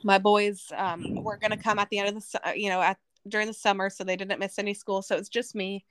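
A woman's voice: medium pitch, little pitch movement, quick pace, fairly bright tone. A woman from Arizona, a podcast guest, telling her personal testimony in an earnest, emotional way.

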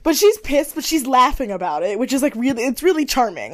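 A young woman co-hosting a casual recap chat, animated, acting out quotes in high voices and swearing freely. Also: quick pace, few pauses, no room sound. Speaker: podcast co-host.

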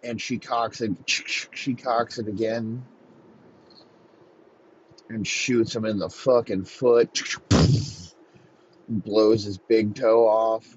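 A man improvising a profane comic story in a deadpan narrating manner. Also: on the low side, slow pace, pauses often, slight background noise. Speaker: comedy podcast host. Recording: muffled lo-fi recording.

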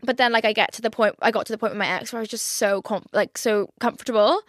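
A woman's voice: fairly high pitch, fairly even intonation, fast talker, fairly bright tone, dry recording. Young woman, rambling and sweary. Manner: rambling, filler-heavy, sweary. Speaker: podcast host. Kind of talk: casual confessional monologue.

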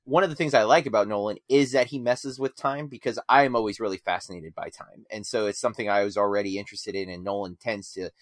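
A man's voice: on the low side, steady tone, fast, hardly any pauses, no room sound, clean studio sound. A man chatting casually in a film review, enthusiastic and rambling with many restarts.

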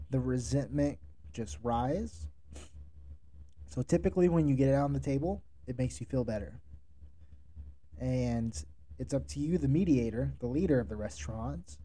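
A man with a deep, very mellow voice hosts a podcast and coaches listeners. His delivery is direct and instructive. He sounds like a manager passing on hard-won advice. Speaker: podcast host, restaurant manager. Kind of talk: solo podcast monologue giving advice.

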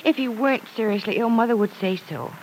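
An earnest young woman with worry in her voice, played by an actress in a vintage radio drama. The delivery is heartfelt and clear, with a faint hiss under the old broadcast. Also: a little high, quick pace, natural voice, poor audio. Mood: anxious. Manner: anxious, earnest, playful at times. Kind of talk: 1940s radio drama acting.

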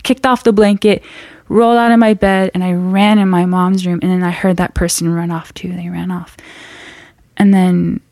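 A woman telling a frightening personal story in an earnest, halting way, often restarting her sentences. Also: on the low side, level tone, darkish tone, no echo.

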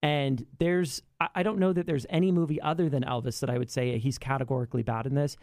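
A podcast co-host chatting casually about films, expressive and quick with asides. The voice is gravelly with plenty of fry, at a middle pitch. The recording is dry and close. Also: no room sound. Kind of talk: casual film review chat.

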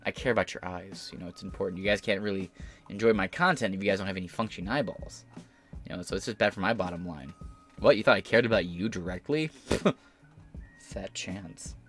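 A man's voice: low-pitched, brisk, a bit bright, soft background music. Crude, sarcastic male podcast host. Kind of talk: profane live-stream commentary.

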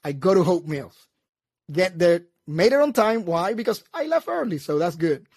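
Man, high voice, dry close sound, lively storyteller, casual podcast chat. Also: moderate pace, slightly rough, dry recording. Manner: animated, acts out both sides of his story, laughs at himself.

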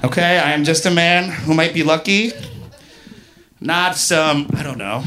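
A young man telling a profane, animated stand-up story full of "like", on a comedy club stage. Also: on the high side, a little slow, background noise.

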